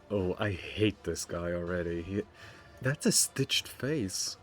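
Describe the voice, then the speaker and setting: A man's voice: sits low, animated, slow pace, soft background music. A man streaming a role-playing game, chatting casually and reading the game's text aloud, often stumbling over words.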